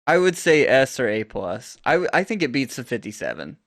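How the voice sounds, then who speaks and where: A man's voice: medium pitch, big pitch swings, a little fast, vocal fry, fairly bright tone. A man co-hosting a casual audio podcast, giving loose opinions full of fillers like "like" and "um". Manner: loose, filler-heavy talk with lots of "like". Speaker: podcast co-host. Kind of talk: casual podcast chat on microphones.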